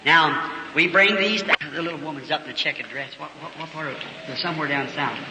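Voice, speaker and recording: A man preaching a revival sermon, telling a story in earnest and slowing into fervent prayer. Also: on the high side. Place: church auditorium. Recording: old echoey hall recording with faint hiss.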